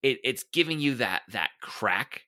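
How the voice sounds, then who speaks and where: Bright-voiced man, laughing podcast guest. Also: mid-range voice, animated, a little slow, no echo. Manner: enthusiastic, laughs often, trails off searching for words. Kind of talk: casual chat.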